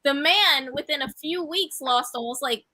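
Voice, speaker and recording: A woman with a bright, slightly high voice co-hosts a wrestling review show. She recaps the matches in an easy, chatty way. The recording is close and dry. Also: moderate pace, dry recording. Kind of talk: casual wrestling review chat.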